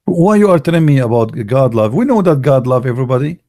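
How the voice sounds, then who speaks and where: A man's voice: medium pitch, sing-song, fast talker, warm tone. A man from the Arab world, hosting an online show in a blunt, emphatic monologue full of rhetorical questions and grammar. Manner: broken, non-native grammar. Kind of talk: opinionated livestream monologue.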